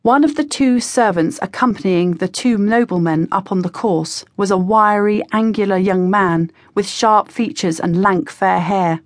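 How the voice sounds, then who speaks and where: A woman reading a teen adventure audiobook in a measured storytelling manner. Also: mid-range voice, no room sound. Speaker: audiobook narrator. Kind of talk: scripted narration.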